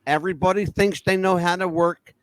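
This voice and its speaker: Blunt high-voiced man hosting. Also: fairly even intonation, a little fast, fairly bright tone. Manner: blunt, emphatic, swears freely. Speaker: podcast host. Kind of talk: casual chat.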